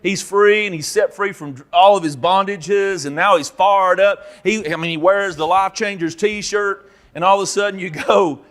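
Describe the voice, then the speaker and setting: A man preaching a Bible teaching, telling stories and acting out characters with sudden loud outbursts. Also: high voice, moderate pace, hardly any pauses. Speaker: pastor. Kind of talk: sermon teaching.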